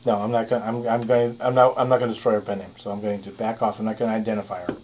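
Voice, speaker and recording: A man's voice: on the low side, little pitch movement, very fast, a little mellow, a little hiss or hum. A man hosting a podcast panel, talking animatedly with sarcastic asides. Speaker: podcast host and producer. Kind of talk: casual panel chat.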